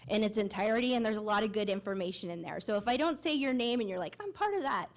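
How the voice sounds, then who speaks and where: A woman with a stuffy, congested cold voice presenting a community health plan at a board meeting, speaking into a mic. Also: quick pace. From Nevada. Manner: nasal, low congested voice. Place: meeting room. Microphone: handheld mic.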